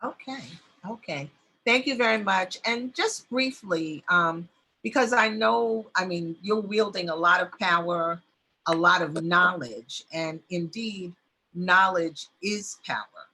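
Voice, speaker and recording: A woman's voice: lowish voice, expressive, takes it slowly, pushed and bright, husky. A woman hosting a local community news interview, speaking with many fillers like "um" and "you know" as she frames her questions. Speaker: host.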